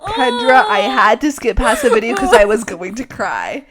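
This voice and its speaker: A young woman with a high, light voice co-hosts a casual podcast chat. She gushes in an animated way and fills her talk with "like". She is sniffly from a slightly runny nose. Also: moderate pace, over a noisy crowd. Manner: gushing, animated, leans on "like". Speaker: podcast co-host.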